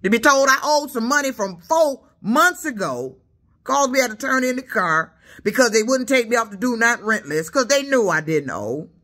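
A woman from Detroit whose speech carries a Southern lilt rants at her commenters from the couch of her apartment. Her voice is high and bright, swinging widely in pitch as she stammers, repeats herself and presses her point with indignation. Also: big pitch swings, moderate pace. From Detroit, USA. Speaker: YouTuber. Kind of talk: angry rant at commenters.

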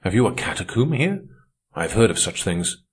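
A man's voice: lowish voice, sing-song, a little fast, husky. A man reading an audiobook, voicing a cool and self-assured young upper-class man with an unruffled manner.

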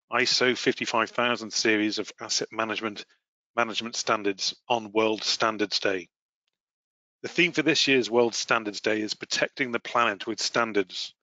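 A man hosting a professional webinar, presenting in a measured, formal way with the odd filler. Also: medium pitch, bright, forceful tone, dry recording. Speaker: webinar host and asset management lead. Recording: slightly muffled, dry webinar audio.

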